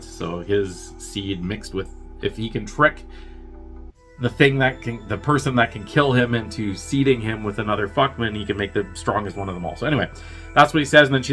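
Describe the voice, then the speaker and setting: A man casually recapping a film's plot in a rambling way, acting out the characters' lines in bursts. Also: fairly bright tone. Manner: rambling, acts out characters' lines with jumps in pitch. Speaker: podcast host reviewing a film.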